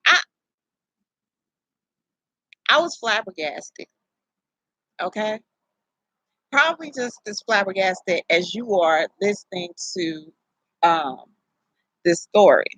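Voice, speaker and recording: A young adult woman, telling a personal story to camera in a candid, profane, animated way. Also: mid-range voice, slow, pauses often, no echo, rough recording. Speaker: vlogger.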